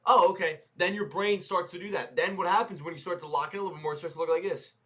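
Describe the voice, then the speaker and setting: A young man on a live trading stream, teaching in a loose, slangy way, repeating himself and tossing in "right?" and "boom". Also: fast, a bit bright. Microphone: headset mic.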